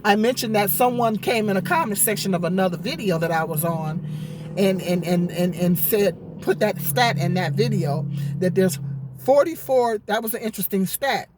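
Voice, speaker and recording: A woman's voice: medium pitch, animated, normal speed, noisy background. A woman vlogging from her parked car, answering viewer comments in an indignant, sarcastic rant, often stammering and repeating words. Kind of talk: ranting commentary vlog. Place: parked car in a parking lot.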